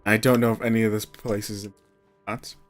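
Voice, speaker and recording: A man's voice: lowish voice, flat delivery, moderate pace, soft background music. A tired man, rambling in casual gameplay commentary as a streamer, often trailing off mid-sentence.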